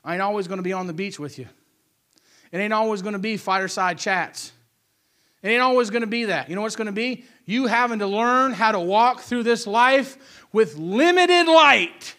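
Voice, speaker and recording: A male preacher voicing Jesus as a calm, firm, fatherly teacher who speaks low and hushed. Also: normal speed. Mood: earnest.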